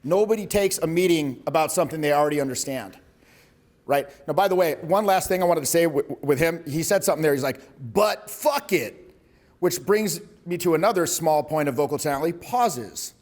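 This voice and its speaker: A man's voice: fairly high pitch, a little fast, a little mellow. A man coaching a live workshop on voice and presence, talking bluntly and casually, with frequent swearing. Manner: blunt, profane, conversational.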